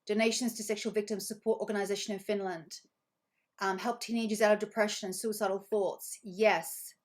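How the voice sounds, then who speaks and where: A woman's voice: mid-range voice, level tone, fairly quick. Woman, online coach: effusive, repeats key phrases, reads chat aloud, mid-range voice. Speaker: money coach. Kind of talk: live online group training.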